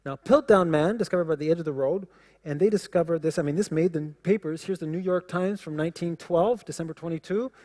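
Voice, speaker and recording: Man, lecturer, animated, quips and chuckles, slightly high voice, long hall reverb. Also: fast talker. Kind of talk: classroom lecture.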